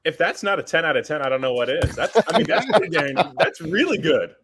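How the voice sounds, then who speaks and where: A man's voice: on the high side, big pitch swings, fairly quick, background noise. Man, from central Illinois, guest analyst, easygoing, enthusiastic, casual. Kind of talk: casual interview chat.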